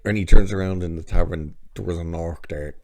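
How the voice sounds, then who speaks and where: Deep, mellow-voiced man giving a sarcastic recap. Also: brisk, no echo. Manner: sarcastic, profane, chatty storytelling. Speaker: TV episode reviewer. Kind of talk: casual spoken recap and review.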